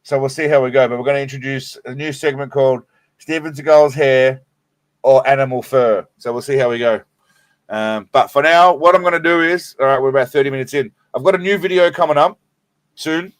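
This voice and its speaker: A man's voice: medium pitch, fairly quick, no echo. An Australian man hosting a live stream, rambling and swearing in a laid-back way while stoned. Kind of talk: casual live stream chat.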